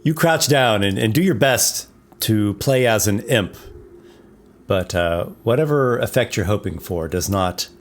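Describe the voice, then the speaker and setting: A man acting as game master, describing a dungeon room in a relaxed, descriptive way with frequent small restarts. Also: lowish voice, measured pace. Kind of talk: narrating a tabletop game.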